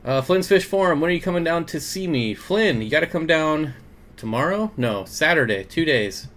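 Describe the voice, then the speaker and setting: A man's voice: on the high side, animated, moderate pace, fairly bright tone. A young man hosting a casual aquarium livestream, greeting viewers by name and reading their comments with frequent chuckles. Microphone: desk mic.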